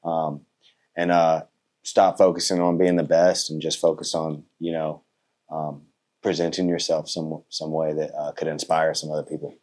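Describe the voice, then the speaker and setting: A man's voice: rumbling low, level tone, normal speed, a little mellow. A man of thirty answering interview questions in a casual, polite way, with many fillers and a trailing-off delivery. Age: 30s. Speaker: motorcycle racer and content creator.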